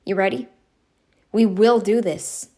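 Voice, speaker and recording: A woman's voice: medium pitch, fairly even intonation, dark tone. A woman vlogger talking to camera in a casual, insistent way, repeating herself for emphasis. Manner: insistent and repetitive, drawn-out emphatic phrasing.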